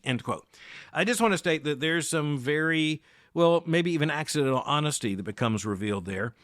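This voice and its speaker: A middle-aged man from the United States hosting a daily news commentary, speaking in a measured, emphatic way with deliberate pauses. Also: fairly high pitch, animated, fairly bright tone, dry recording, studio quality. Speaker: podcast host.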